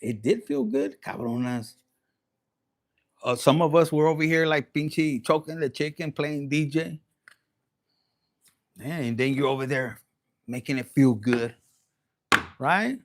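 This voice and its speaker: A man giving a casual livestream tarot reading, profane and animated, dropping into Spanish slang. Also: a little high, a little slow, long pauses. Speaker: tarot reader.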